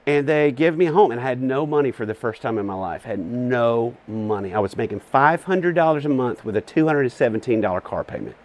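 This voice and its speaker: Southern man telling lively stories. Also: medium pitch, brisk, few pauses. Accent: Southern US (Alabama). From Alabama. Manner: animated storyteller, laughs often. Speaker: guest. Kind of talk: casual storytelling chat. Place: front porch.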